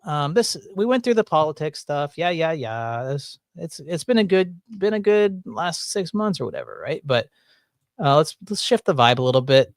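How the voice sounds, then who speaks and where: A man co-hosting a casual reaction chat, rambling and riffing with quick asides. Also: a little high, sing-song, no echo, studio quality. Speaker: co-host.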